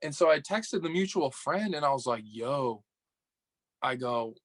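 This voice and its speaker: A young man from upstate New York, a podcast guest telling a dating story in casual chat, animated and swearing, acting out the dialogue. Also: mid-range voice, a little slow, no echo.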